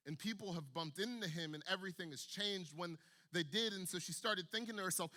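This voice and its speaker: Young male preacher, high bright voice, emphatic repetitive student sermon. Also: brisk. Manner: emphatic, repetitive, building intensity.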